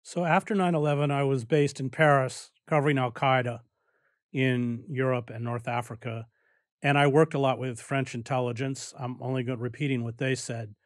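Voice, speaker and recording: A man hosting an interview, putting measured questions to his guest. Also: medium pitch, fairly even intonation, no echo, clean studio sound. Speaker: host.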